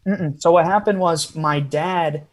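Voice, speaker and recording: A man's voice: fairly high pitch, unhurried, a crowd in the background. A man, a podcast guest, telling a long story in a casual interview style with frequent asides.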